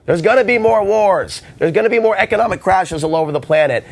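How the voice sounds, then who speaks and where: A man hosting a call-in radio talk show, hoarse and ranting with passion. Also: sits high, expressive, fast talker. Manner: impassioned, ranting.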